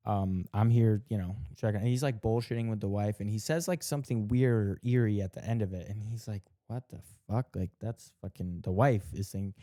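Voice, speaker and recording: A man's voice: on the low side, brisk, few pauses, warm tone, no echo, studio quality. A man casually retelling a show's plot, swearing a lot, saying "like" often and acting out the characters' lines. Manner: heavy swearing, many "like" fillers, acts out quotes. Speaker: podcast co-host.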